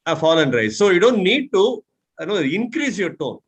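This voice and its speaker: Indian english guy teaching voice tones on a call, slightly high voice, patient demos. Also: big pitch swings, normal speed, husky. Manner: patient, demonstrates tones by example. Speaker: speech mentor. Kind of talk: online mentoring session.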